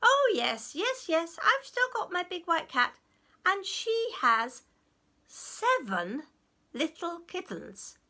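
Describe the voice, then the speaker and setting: A woman's voice: very high-pitched, very animated, takes it slowly, pushed and bright, voice pushed up, exaggerated voice. A woman storyteller voicing a grown man who teases with mock surprise as he plays a trick. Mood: sly. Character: sly grown man, a woodcutter playing a trick.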